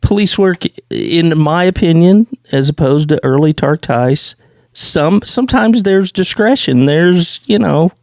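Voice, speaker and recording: An older man hosting a podcast, talking in a slow, wry, chatty way. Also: fairly high pitch, expressive, darkish tone, dry recording, studio quality. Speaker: podcast host. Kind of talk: casual chat.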